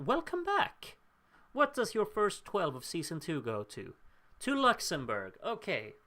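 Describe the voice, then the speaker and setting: A man's voice: on the high side, fairly bright tone. Young male streamer host, upbeat and self-mocking, thinks aloud while tallying votes. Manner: chatty and upbeat, laughs at himself, thinks aloud. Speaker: livestream host reading out viewer votes. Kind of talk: casual live watchalong chat.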